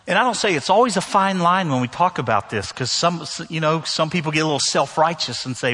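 Husky-voiced preacher in a reverberant hall. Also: male voice, on the high side, brisk, hardly any pauses, fairly bright tone. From northern United States. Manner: conversational preaching with humor and emphatic repetition. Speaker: pastor. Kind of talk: sermon. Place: church sanctuary.

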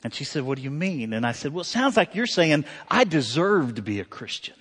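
A man's voice: a little high, very animated, fairly quick, a bit bright, breathy edge. A man, a pastor telling a personal story in a sermon, conversational and heartfelt, with many fillers and restarts. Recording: long hall reverb.

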